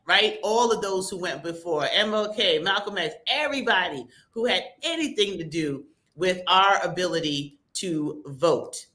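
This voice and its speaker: A woman hosting a live stream, chatting casually and reading out shout-outs from the chat in a lively, conversational way. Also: on the low side, normal speed, hardly any pauses. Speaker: livestream host.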